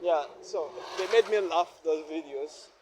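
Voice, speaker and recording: A man's voice: fairly high pitch, measured pace. A Ugandan man vlogging while walking a rainy city street, musing aloud and asking himself questions over and over. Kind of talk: reflective walking vlog monologue. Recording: faint street and traffic noise.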